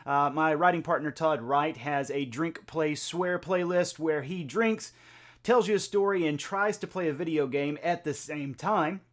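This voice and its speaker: A man's voice: fairly high pitch, measured pace. A man hosting a music reaction video, talking in a chatty, conversational way with lots of filler words. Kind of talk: casual reaction video talk.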